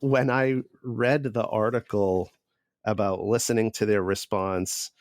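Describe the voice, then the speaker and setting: A man interviewing a guest on a podcast with a tongue-in-cheek edge. His voice is somewhat low, and the recording is dry and close. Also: steady tone, unhurried, no echo. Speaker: podcast host. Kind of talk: interview questions.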